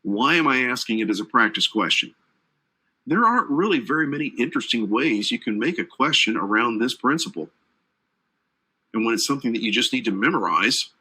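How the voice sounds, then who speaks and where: A man's voice: mid-range voice, pushed and bright, breathy edge, poor audio. A man instructor giving a live online training lecture, chatty and joking with his audience between points. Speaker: certification exam instructor. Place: based in Atlanta.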